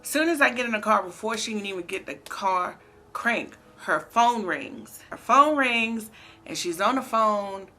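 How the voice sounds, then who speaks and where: Young woman, bright tense voice, casual storytime, slangy, animated. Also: medium pitch, measured pace. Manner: animated, slangy, addresses viewers as baby and girl. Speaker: vlogger.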